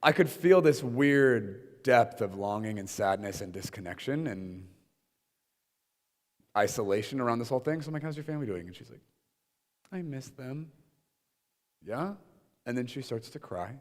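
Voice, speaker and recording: A man's voice: medium pitch, lively intonation, normal speed, pauses often, long reverb tail. A young adult man leading an informal teaching session before a room of listeners, talking conversationally with many fillers and acted-out quotes.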